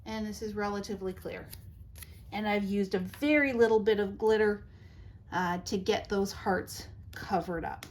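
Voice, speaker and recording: A woman's voice: medium pitch, moderate pace, a little mellow. A middle-aged woman hosting a craft tutorial, chatty and reassuring as she gives practical tips step by step.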